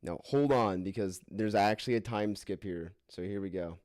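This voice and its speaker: In a clean, echo-free studio recording, a man with a lowish, slightly mellow voice reads ridiculous fan fiction at a moderate pace. It's a comedic dramatic reading where he gives the quoted lines hammy voices and often breaks into laughter.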